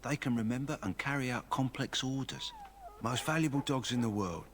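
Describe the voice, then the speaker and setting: A man with a London accent voicing a calm, practical kennel master in a video game. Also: mid-range voice, normal speed, a little hiss or hum, close to an everyday voice. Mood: matter-of-fact. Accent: London English. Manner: steady, matter-of-fact.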